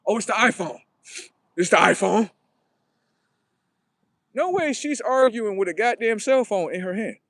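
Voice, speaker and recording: A man's voice: high voice, lively intonation, brisk, hardly any pauses, dry recording. A man hosting a livestream, rambling on in a profane, casual monologue and talking back to his viewers. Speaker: livestream host.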